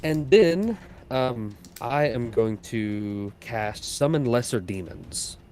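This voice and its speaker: A man's voice: medium pitch, expressive, slow, a little mellow, soft background music. A man playing a tabletop game, talking casually and hesitantly and swearing a lot. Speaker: player.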